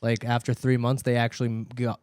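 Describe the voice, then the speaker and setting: A young man telling stories on a podcast. He is animated, swears freely and laughs through his own stories. His voice sits in a middle register and is recorded dry and close. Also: mid-range voice, fairly quick, smooth, no room sound. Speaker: podcast co-host. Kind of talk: casual storytelling chat.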